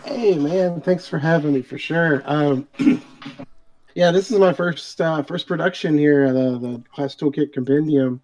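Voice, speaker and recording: A man's voice: a little high, a little slow, darkish tone. A man who is a guest on a casual interview over a video call, talking in a hesitant way with many restarts. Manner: hesitant, full of fillers and restarts. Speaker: guest, game book author. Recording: dull lo-fi call audio.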